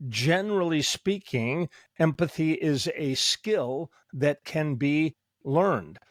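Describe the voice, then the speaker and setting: A man's voice: a little high, dry recording, studio quality. A middle-aged man hosting a conversational discussion as a psychologist, who digresses and pushes back on his guest. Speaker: host, psychologist.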